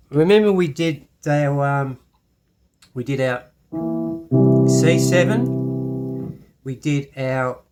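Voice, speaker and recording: A man with an Irish accent teaching a casual piano lesson, chatty and self-deprecating, with many restarts. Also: medium pitch. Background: piano playing.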